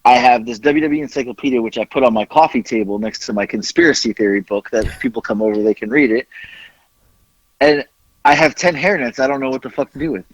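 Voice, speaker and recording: A man's voice: mid-range voice, fast talker, no echo, dull audio. A man telling a story in casual chat as podcast co-host, acting out the quoted voices as he goes.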